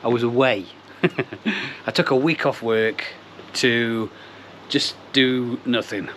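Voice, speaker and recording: A middle-aged man hosts a laid-back outdoor pond vlog for his koi channel, wandering off on tangents and poking fun at himself. His mid-range voice is slightly bright and unhurried, with a little background noise in the clip.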